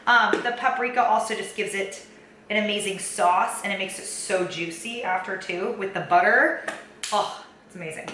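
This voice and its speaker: A young woman, a fitness vlogger, walks through cooking and tracking her food in her home kitchen, chatting loosely with plenty of "um" and "kinda." Her medium-pitched voice is bright and forceful at a normal speed, with a little hiss or hum and faint ambience in the echoey kitchen.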